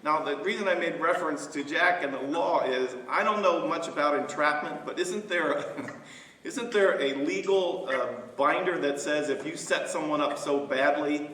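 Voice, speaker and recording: A man who is a pastor, leading a Bible study discussion in a halting way, with many fillers and restarts. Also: on the high side, sharp tone, a little hiss or hum. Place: church sanctuary. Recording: echoey church hall, mic from far off.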